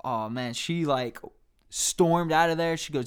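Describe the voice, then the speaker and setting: A man's voice: on the high side, a little slow, smooth. Profane young man telling stories. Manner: animated, profane storytelling with acted-out quotes. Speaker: podcast host. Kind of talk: casual storytelling chat.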